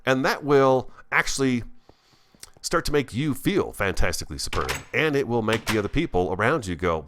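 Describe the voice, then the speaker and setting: A man's voice: mid-range voice, very animated, normal speed, noisy background. A man hosting a Minecraft let's play, chatting casually with viewers in an enthusiastic, radio-style delivery. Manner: chatty, talks to himself while playing. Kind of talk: casual gameplay commentary.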